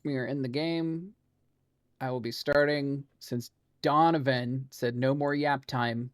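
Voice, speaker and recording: A man's voice: medium pitch, steady tone, measured pace, smooth, no echo, clean studio sound. A man streaming a video game, chatting casually as he plays, laughing often and swearing now and then. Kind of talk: casual gameplay commentary.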